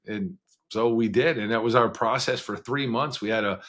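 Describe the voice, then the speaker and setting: A man speaking as a podcast guest, telling his story in a frank, conversational way with quick bursts of speech and occasional laughs. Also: medium pitch, a bit bright. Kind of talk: candid storytelling interview.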